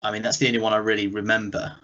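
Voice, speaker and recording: A man's voice: on the low side, flat delivery, rapid-fire, pushed and bright. Chatty English man on a lo-fi podcast. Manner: chatty, rambling with fillers. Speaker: podcast co-host. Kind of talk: casual chat. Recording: dull lo-fi podcast audio.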